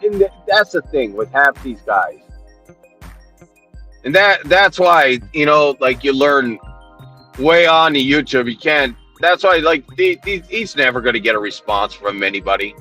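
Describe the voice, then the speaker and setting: A man's voice: mid-range voice, animated, unhurried, bright, forceful tone, soft background music. A man ranting heatedly on a livestream, swearing constantly, mocking and confronting people while he answers his chat.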